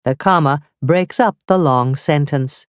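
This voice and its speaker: A woman narrating a scripted grammar lesson, reading slowly and carefully with clearly spelled-out examples. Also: sits low, dry recording, clean studio sound. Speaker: teacher.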